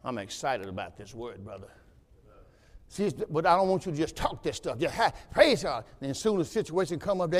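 Man, pastor, high voice, conversational preaching that builds to loud exhortation, long echoing reverb. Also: sing-song, fairly quick. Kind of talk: sermon. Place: church sanctuary.

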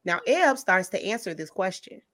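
With a mid-range voice and moderate pace, this podcast host chats casually through her stories. She tells them in a lively, animated way, laughing often.

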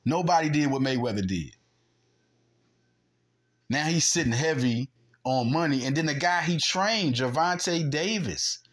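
Husky and mid-range, the male podcast host's voice carries an animated, argumentative sports rant. Punch sound effects punctuate his delivery.

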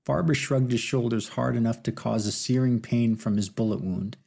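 A man narrating an audiobook novel with steady, measured storytelling. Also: mid-range voice, vocal fry, husky. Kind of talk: scripted narration.

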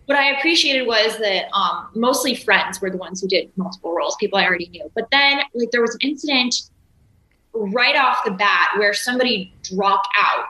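A woman guest in casual interview chat, telling animated stories and acting out quotes. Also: mid-range voice, normal speed, reverberant, rough recording. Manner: animated storytelling, acts out quotes. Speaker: guest, producer of a remote show.

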